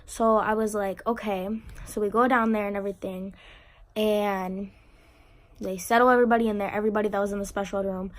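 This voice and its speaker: A teenage girl telling an emotional personal story to camera, halting and on the verge of tears, with many fillers and restarts. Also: medium pitch, level tone. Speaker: vlogger.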